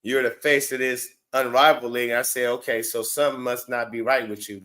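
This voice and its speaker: A man hosts a reaction show and argues straight back at a clip. His voice sits at an ordinary middle pitch. He is blunt, mocking and profane, cutting in with sharp questions. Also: little pitch movement, fast. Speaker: show host reacting to clips. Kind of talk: heated reaction commentary.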